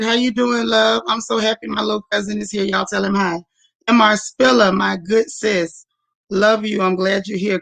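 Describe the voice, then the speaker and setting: A woman's voice: mid-range voice, vocal fry. A woman hosting a casual livestream, greeting viewers by name and calling them sis and y'all. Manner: warm, chatty, calls viewers sis and y'all. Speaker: livestream host.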